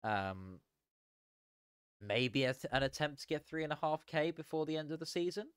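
A tired young man chatting casually as a sim racing streamer, relaxed and rambling with frequent chuckles. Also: on the high side, moderate pace, smooth, no echo, clean studio sound. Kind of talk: casual live stream chat.

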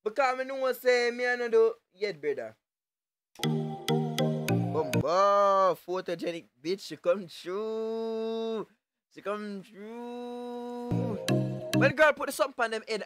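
A young man, streaming live and reacting to photos with loud, joking patois banter and sudden shouts. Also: high-pitched, expressive, moderate pace, faint music behind.

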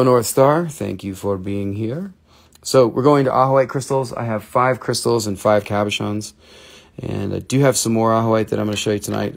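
Southern man, gravelly voice, joking rambling salesman patter, live sales stream host. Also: on the low side. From North Carolina. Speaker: host selling crystals.

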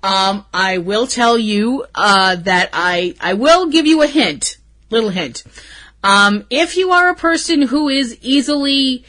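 A woman's voice: high voice, expressive, a little slow, sharp tone. A woman hosting a fan podcast, giving a casual, emotional episode recap full of gushing and swearing. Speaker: podcast host.

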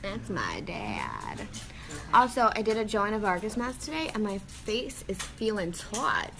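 A woman's voice: mid-range voice, huge pitch swings, unhurried, creaky. A woman chatting in a casual selfie video diary at home, bubbly and exclamatory, recorded on a phone held at arm's length. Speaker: vlogger. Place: at home indoors.

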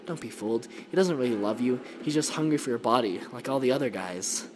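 A man's voice: mid-range voice, animated, a little fast, lightly acted. A man voicing a vengeful female shadow spirit with a knife, in a cold, taunting read over a noisy mic.

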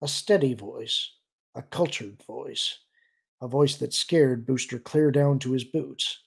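A man reading a science-fiction novel aloud as a steady audiobook narrator. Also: medium pitch, takes it slowly, vocal fry, husky. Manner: steady storytelling delivery. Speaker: audiobook reader. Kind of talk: scripted narration.

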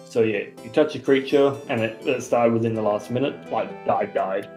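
A man's voice: medium pitch, moderate pace, darkish tone, soft background music. Dry-humored Australian man. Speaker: player on the podcast. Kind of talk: casual chat.

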